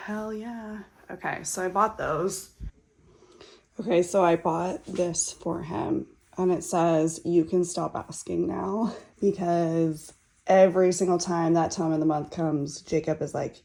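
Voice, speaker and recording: A woman's voice: on the low side, measured pace, gravelly, warm tone, breathy edge. A young woman talking casually to her vlog audience, candid and full of fillers like "like" and "you know". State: out of breath. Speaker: vlogger, nurse and business owner.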